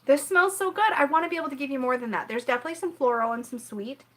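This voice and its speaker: Woman, tarot reader, easygoing live-stream chat, a touch high in pitch, scattered and self-apologizing. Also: rapid-fire, a bit bright. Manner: rambling and apologetic, keeps clearing her throat; chats with viewers in the live chat.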